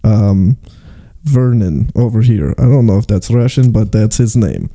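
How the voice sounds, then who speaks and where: A young man from Arizona riffing with a friend on a podcast. His voice is very dark and mellow, and he jokes freely, swearing now and then, with quick asides. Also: lowish voice. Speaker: podcast co-host. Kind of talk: casual chat.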